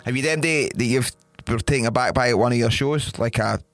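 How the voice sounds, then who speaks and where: Fast-talking podcast host. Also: male voice, mid-range voice, faint music behind. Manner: blunt, sweary, quick questions. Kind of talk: casual interview chat.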